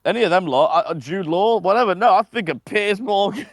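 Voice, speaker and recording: A man's voice: sits high, lively intonation, brisk, no room sound, clean studio sound. A man co-hosting a film podcast, chatting in a sweary, rambling, riffing way. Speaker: podcast co-host. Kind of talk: casual chat.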